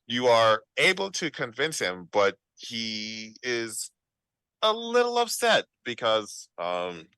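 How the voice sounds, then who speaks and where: Bright-voiced man running a tabletop game. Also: medium pitch, takes it slowly, clean tone, no room sound. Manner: relaxed, conversational narration with fillers. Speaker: game master.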